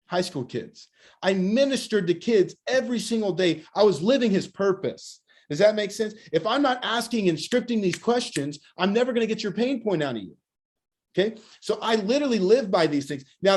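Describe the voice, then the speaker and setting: Energetic man in his forties. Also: a little high. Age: 40s. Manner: energetic, acts out customer conversations. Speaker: nutrition bar owner giving a training talk. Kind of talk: motivational business talk.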